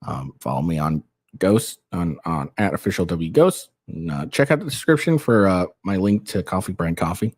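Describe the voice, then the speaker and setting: A young man hosts his own commentary show in a loose, rambling way. He talks in a low voice that swoops up and down, often restarts his sentences and laughs between points. The sound is dry and close. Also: lively intonation, normal speed, darkish tone, no room sound. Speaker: show host. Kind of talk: casual opinion commentary.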